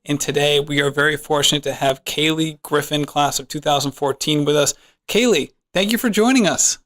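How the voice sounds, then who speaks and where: A man's voice: on the high side, fairly quick, a bit bright. Friendly male college podcast host. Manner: friendly, conversational, with fillers and restarts. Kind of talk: podcast interview.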